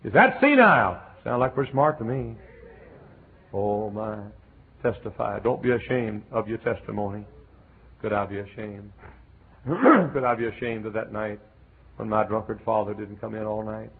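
Gravelly Southern preacher on a tinny old recording. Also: male voice, on the low side, moderate pace, pauses often, noisy background. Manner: emphatic, preachy, shouting bursts, sings a hymn. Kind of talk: fiery revival sermon.

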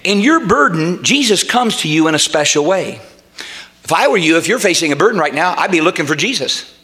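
A male pastor delivering a sermon with a high voice that climbs into shouting at its peaks. His tone is bright and ringing, and he doubles back on words as he builds each point. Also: lively intonation, brisk. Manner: preaching with rising shouts and repeated restarts.

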